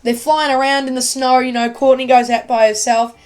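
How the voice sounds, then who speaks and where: Excitable woman reviewing a show. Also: high voice, a little fast, soft background music. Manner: excitable, rambling, many fillers. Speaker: YouTube TV reviewer. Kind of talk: casual video review.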